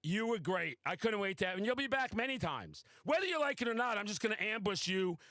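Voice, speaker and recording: A man hosting a podcast, telling a wild story in a casual, excitable, boastful way and swearing freely. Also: high-pitched, a little fast, no room sound. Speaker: podcast host. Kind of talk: casual chat.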